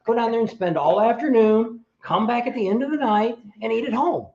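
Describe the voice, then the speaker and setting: A man's voice: very high voice, brisk, darkish tone. A middle-aged man co-hosting a live-stream chat, talking casually and rambling with frequent restarts. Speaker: co-host of a motorcycle travel channel. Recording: roomy, dull lo-fi sound.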